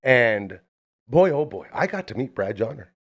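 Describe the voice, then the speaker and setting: A man's voice: mid-range voice, normal speed, breathy edge. A man in his twenties, host of a casual live podcast, telling stories and acting out quoted lines. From Canada. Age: 20s. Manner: animated, acts out quotes in story. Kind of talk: casual podcast chat and storytelling.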